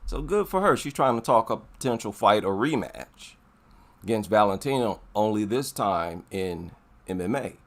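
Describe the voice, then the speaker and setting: A man's voice: on the low side, lively intonation, moderate pace. A man giving casual, emphatic commentary, repeating his points for effect. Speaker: MMA commentary vlogger.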